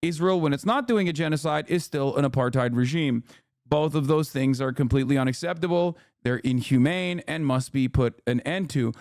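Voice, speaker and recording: A man's voice: fairly high pitch, normal speed, a little mellow, no room sound, studio quality. A man commentating on a live stream, ranting heatedly with lots of swearing and mocking voices for the people he criticizes.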